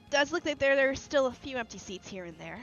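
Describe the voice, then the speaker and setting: A woman's voice: high-pitched, animated, fast talker, a bit bright, pitched above the performer's own voice. A woman reading aloud as a cheerful young heroine exploring a city, with faint music behind on a lo-fi recording. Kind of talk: reading game dialogue aloud.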